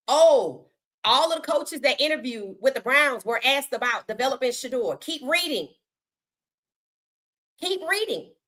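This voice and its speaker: A woman hosts a sports talk livestream in a casual, outspoken way. Her voice sits a little high and comes across bright and forceful. She talks in a colloquial, opinionated manner as she greets her chat. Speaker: podcast host.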